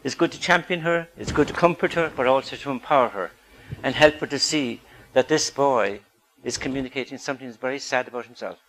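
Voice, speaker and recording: A man's voice: mid-range voice, brisk, fairly bright tone, low-quality recording. Earnest man giving a public talk. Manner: earnest, asks the audience rhetorical questions.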